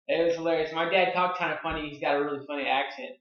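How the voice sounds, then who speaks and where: A young man in his twenties rambles through a story with breathless excitement, peppering every phrase with "like". His voice sits a little high for a man. The recording is roomy and dull, like a lo-fi room mic. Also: fast talker. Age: 20s. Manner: excitable, filler-heavy, lots of "like". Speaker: online marketing vlogger. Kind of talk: casual storytelling to camera.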